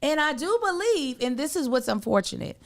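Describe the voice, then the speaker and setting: A woman's voice: high voice, sing-song, moderate pace. A woman co-hosting a podcast, talking bluntly and outspokenly in casual chat. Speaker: podcast co-host.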